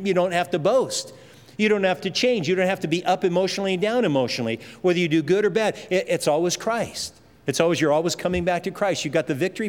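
Brief: male pastor, high voice, emphatic sermon delivery, long hall echo. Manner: emphatic preaching with swings in pitch and pace, repeats words.

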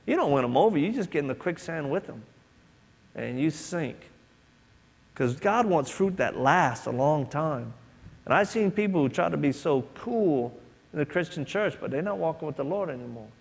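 A man's voice: a little high, lively intonation, normal speed, vocal fry, husky. A man preaching a sermon, telling a personal story and acting out the voices of others. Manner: storytelling, acts out quoted voices. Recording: echoey hall, long reverb.

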